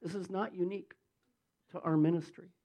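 A man preaches from the pulpit in a high, raspy-edged voice. He tells stories by acting out each speaker's lines, then rises into fervent prayer. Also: fairly even intonation, fairly quick, warm tone, poor audio. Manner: storytelling, acts out quotes, builds to fervent prayer. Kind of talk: sermon and prayer.

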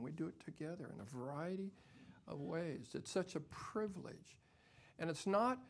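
An older man preaches a sermon in a church. His voice is gravelly and bright, pitched a little high for a man. He drops into hushed, breathy asides, then builds to loud, emphatic preaching. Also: expressive, moderate pace. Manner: swings from soft near-whispers to loud emphatic preaching. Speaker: pastor.

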